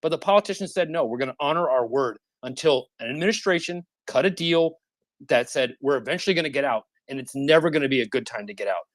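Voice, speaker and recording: A man's voice: medium pitch, expressive, quick pace, dry recording. A man in his thirties arguing passionately in an online audio discussion, insistent, cutting in and repeating himself. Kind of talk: heated debate.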